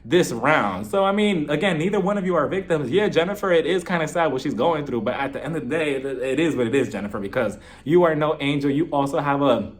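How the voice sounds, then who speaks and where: A young man giving a casual, jokey review of a reality TV episode, talking in an animated, chatty way with lots of "like" fillers. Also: fairly high pitch, quick pace, few pauses.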